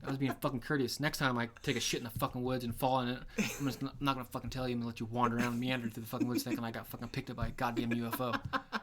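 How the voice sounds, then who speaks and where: A man's voice: mid-range voice, level tone, rapid-fire, hardly any pauses, a bit bright, slight background noise. A man co-hosting a podcast, telling a rambling hunting story in casual chat, swearing freely and acting out the lines of the people in it. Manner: profane, rambling storyteller who acts out quotes. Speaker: podcast co-host.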